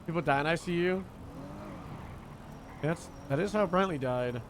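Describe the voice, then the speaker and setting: Young man, slangy and a bit high-pitched. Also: moderate pace, slight background noise. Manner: slangy, loose, swears freely. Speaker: roleplay streamer. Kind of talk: casual chat while roleplaying.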